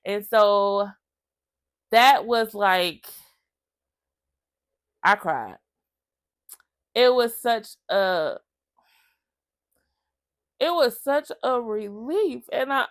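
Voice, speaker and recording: A woman's voice: fairly high pitch, slow pace, long pauses, no room sound. Emotional woman vlogger, chatty and direct. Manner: emotional, lively storytelling that acts out other people's lines; chatty, addresses viewers as y'all. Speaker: vlogger sharing her own story. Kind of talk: casual personal storytelling to camera.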